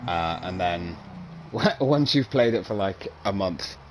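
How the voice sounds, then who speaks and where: Lively-voiced British man, laughing often. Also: sits low, measured pace, a little hiss or hum, low-quality recording. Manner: laughs often, swears casually. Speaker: podcast co-host. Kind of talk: casual gaming chat.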